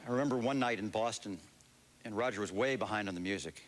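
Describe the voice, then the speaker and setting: A man with a somewhat low voice tells stories in an interview. He is relaxed and anecdotal, and he builds each tale at an easy, unhurried pace. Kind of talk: interview reminiscence.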